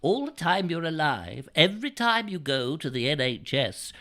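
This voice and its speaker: A man's voice: a little high, big pitch swings, normal speed, sharp tone, full character voice. Swooping, haughty mum, a man putting it on, grand and bossy. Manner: haughty, theatrical. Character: grand, bossy old mother.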